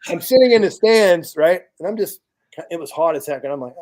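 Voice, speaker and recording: A man's voice: fairly high pitch, animated, a little fast, a little mellow. A man in a podcast chat, bluntly telling a profane story about his charity work with veterans. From United States. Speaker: podcast guest, charity founder.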